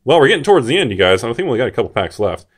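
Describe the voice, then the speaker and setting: A man hosting a card-collecting channel, talking excitedly to his viewers as he opens a booster box and reacts to each card. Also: medium pitch, racing. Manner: excitable, full of exclamations; chatty, addresses viewers directly. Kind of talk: booster box opening commentary.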